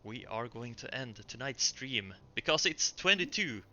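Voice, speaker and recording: Game master, male, mid-pitched, very bright tone, halting casual narration, lo-fi mic. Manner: relaxed, halting narration with fillers. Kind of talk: narrating a tabletop game stream.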